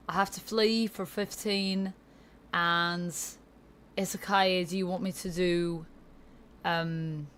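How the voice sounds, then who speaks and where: A woman's voice: on the low side, fairly bright tone, a little hiss or hum. A woman livestreamer in casual chat with her viewers, upbeat, thanking them and reading chat aloud into a desk streaming mic.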